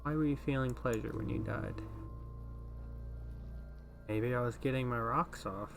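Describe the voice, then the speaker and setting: A man voicing a bitter, sneering hanged corpse in a video game, in a flat, quiet delivery. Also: medium pitch, unhurried, vocal fry, soft background music.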